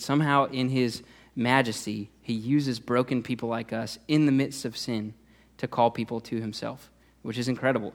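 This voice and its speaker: Conversational male youth pastor preaching. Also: medium pitch. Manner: conversational, many "uh" fillers and restarts. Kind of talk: sermon.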